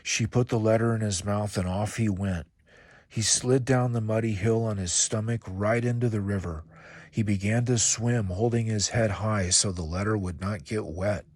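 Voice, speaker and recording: A man with a low voice reads a children's storybook aloud, calm and measured, slowing down to let the story breathe. The recording is close and very dry, with no room sound. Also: dry recording. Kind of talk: reading a children's book aloud.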